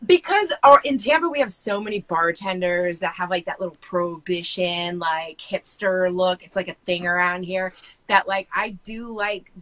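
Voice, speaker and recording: American woman, podcast guest; bright, frank, rambling chatter. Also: lowish voice, normal speed, rough recording. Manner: rambling, frank, many fillers and restarts. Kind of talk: casual chat.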